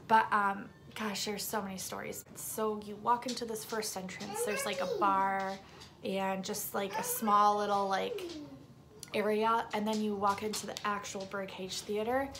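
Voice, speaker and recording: Speaking in a mid-range voice despite a sore throat, a woman vlogger tells her viewers a story casually and emphatically, now and then dropping to a hushed whisper. Background noise is audible.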